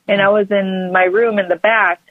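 A woman's voice: medium pitch, normal speed, no room sound. A woman in her thirties, a podcast guest, telling a birth story in casual chat and acting out her family's voices. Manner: animated, acts out family members' voices. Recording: tinny phone-line sound, dry.

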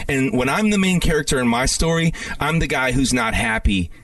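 A man's voice: a little high, lively intonation, a little fast, creaky, a bit bright, no echo, recorded from a distance. A man who is a guest singer-songwriter, telling stories earnestly and reflectively in a casual interview.

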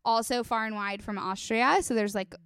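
Casting: young woman, wine expert guest, bubbly, smooth clear voice a bit high, dry close sound. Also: steady tone, normal speed, a bit bright, no room sound. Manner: bubbly, laughs often, many ums. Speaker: winemaker guest. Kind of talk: casual podcast chat.

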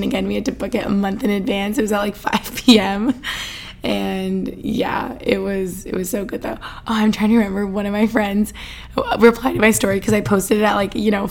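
A woman's voice: medium pitch, creaky. A young woman hosting a podcast, chatting casually in a bubbly, rambling way, full of "like" and little laughs. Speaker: podcast host. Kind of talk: casual chat.

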